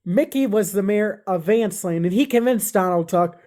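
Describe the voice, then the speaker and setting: A woman's voice: mid-range voice, lively intonation, normal speed, few pauses. A woman telling a silly made-up story off the cuff, rambling and correcting herself as she goes. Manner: rambling, with restarts and fillers. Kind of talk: rambling improvised comic storytelling.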